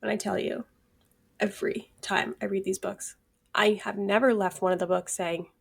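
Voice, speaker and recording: Female co-host, casual chat, dramatic and expressive, some vocal fry. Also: medium pitch, normal speed. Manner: animated, dramatic, acts out her own reactions. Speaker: podcast co-host.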